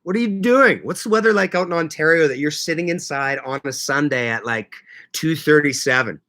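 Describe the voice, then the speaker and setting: A man from Manitoba hosting a casual livestream, greeting viewers by name and chatting in a lively, laughing way. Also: fairly high pitch, fairly quick. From Canada (Manitoba). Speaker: livestream host reading chat.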